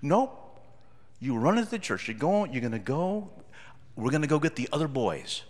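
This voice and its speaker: A woman's voice: deep voice, very animated, moderate pace, darkish tone, long reverb tail, pitched above the performer's own voice. A man voicing a stern female school principal who scolds a group of boys in front of a class. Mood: accusing. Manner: raised scolding voice.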